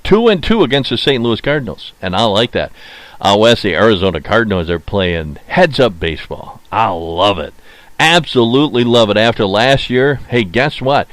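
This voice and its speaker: Animated, opinionated male sports podcaster. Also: lowish voice, moderate pace, no echo. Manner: opinionated, mocks teams in put-on quoted voices; frequent filler "uh" and repeated phrases. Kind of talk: casual solo sports talk.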